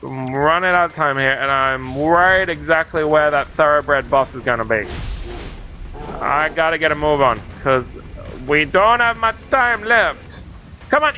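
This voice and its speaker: Excitable high-voiced Australian man gaming. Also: unhurried, a little hiss or hum. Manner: excitable, yelps and jokes at the game. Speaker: let's play host. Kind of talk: gameplay commentary.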